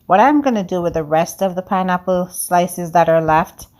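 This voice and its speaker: Low-voiced lady with an accent walking viewers thru a cake recipe, chatty and upbeat. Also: moderate pace, a little mellow. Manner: upbeat, talks straight to viewers as "guys"; speaks with a non-native accent of English. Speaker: home cooking vlogger. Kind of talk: chatty cooking demonstration.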